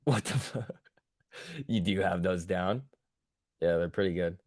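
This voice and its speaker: A man with a low, darkish voice speaks a little slowly while hosting a stock market livestream. He chats casually with viewers, joking and swearing as he reacts to the chat.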